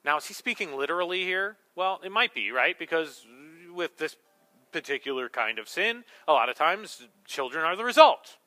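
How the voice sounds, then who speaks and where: A man preaching a sermon as pastor, swinging between hushed, slow words and loud, emphatic ones. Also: fairly high pitch, lively intonation, faint music behind.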